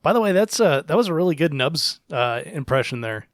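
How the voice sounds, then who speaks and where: A man hosting a podcast, chatting casually and chiming in with quick reactions and laughs. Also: a little high, very animated, dry recording, studio quality. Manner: interjecting, laughing along. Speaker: podcast host. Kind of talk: casual chat.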